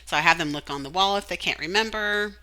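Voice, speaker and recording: Low-voiced, bright-sounding woman teacher. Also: fast talker, low-quality recording. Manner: animated, demonstrates sounds and sings. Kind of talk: explaining a reading lesson.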